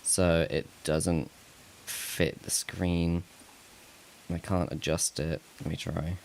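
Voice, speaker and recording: A man's voice: low-pitched, level tone, slow, creaky, slight background noise. A man live-streaming casually, rambling to himself as he fixes tech problems and laughing at himself. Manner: rambling, talks to himself while fixing tech; laughs at himself, self-mocking.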